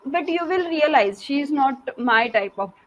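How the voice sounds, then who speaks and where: A woman learning English, speaking haltingly with many fillers and restarts in a casual conversation. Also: high voice, lively intonation, poor audio.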